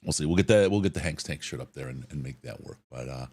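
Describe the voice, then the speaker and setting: A man co-hosting a live-stream podcast, reading out donations and thanking people with halting restarts and chuckles. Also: extremely low pitch, expressive, darkish tone. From Detroit area. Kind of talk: casual live-stream chat.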